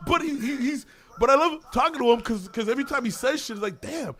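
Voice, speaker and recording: A man co-hosting a podcast in casual chat, animated, laughing often and swearing. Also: very high voice, fast. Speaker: podcast co-host.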